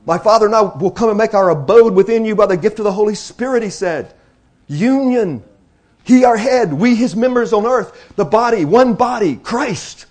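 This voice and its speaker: A man's voice: sits high, lively intonation. Man preaching with big swings in intensity. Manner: swings from hushed, slow intensity to loud, fast exclamations; addresses the congregation directly, repeats phrases for emphasis. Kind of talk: sermon.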